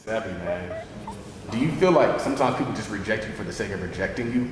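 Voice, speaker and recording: A man's voice: on the low side, expressive, quick pace, crowd noise. A man hosting a talk show, chatting casually and thinking aloud as he responds to his guest. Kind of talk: casual interview chat. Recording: echoey room with long reverb and faint ambience.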